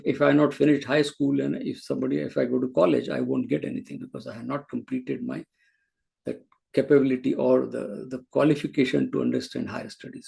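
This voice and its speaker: A man's voice: mid-range voice, creaky, warm tone, breathy edge. A man teaching a scripture class, explaining patiently with frequent restarts. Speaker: spiritual teacher.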